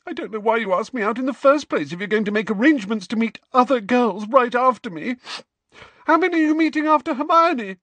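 A man's voice: animated, brisk, a bit bright, no room sound, exaggerated voice. A man voicing a jealous teenage schoolgirl who stammers through sobs. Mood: shrill, hurt. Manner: sobbing, stammering, shrill.

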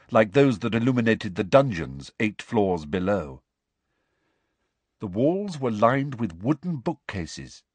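Male audiobook narrator, low husky voice, lively inflection, dry close sound. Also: no echo. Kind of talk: scripted narration.

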